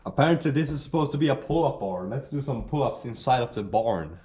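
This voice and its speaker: A man's voice: mid-range voice, lively intonation, brisk, dark tone, slightly rough. Young man in chatty vlog narration. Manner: chatty, rambling, lots of fillers. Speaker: vlogger.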